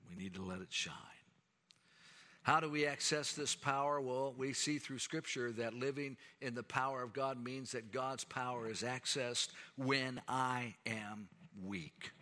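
A man's voice: mid-range voice, a little slow, sharp tone. A middle-aged man preaching a sermon in an earnest, emphatic way. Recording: long reverb of a large hall.

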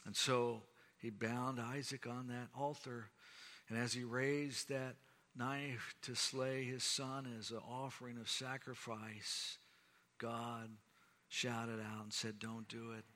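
A man preaching a sermon, measured and rising to emphatic declarations. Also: medium pitch, level tone, pushed and bright. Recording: long hall reverb.

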